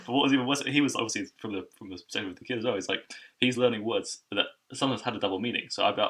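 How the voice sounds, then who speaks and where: A young man from England hosting a casual podcast chat, telling stories quickly and animatedly. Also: on the low side, husky. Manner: rapid, animated storytelling with laughs.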